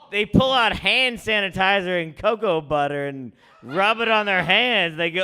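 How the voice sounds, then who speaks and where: A man hosting an open mic, doing rambling stand-up with quick asides. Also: sits high, lively intonation, sharp tone, smooth. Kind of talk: stand-up comedy.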